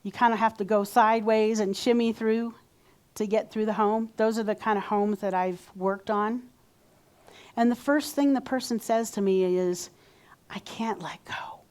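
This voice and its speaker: A woman's voice: medium pitch, fairly even intonation, moderate pace, darkish tone. A woman minister giving a sermon in a conversational way, sometimes acting out how people talk to themselves. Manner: conversational, acts out quoted self-talk.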